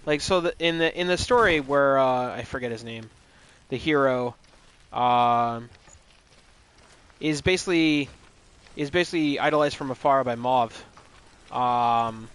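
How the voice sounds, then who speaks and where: A man's voice: mid-range voice, measured pace, pauses often, a bit bright, smooth. A man streaming a game live, retelling a story in a loose, rambling, joking way with plenty of swearing. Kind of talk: casual live gaming commentary.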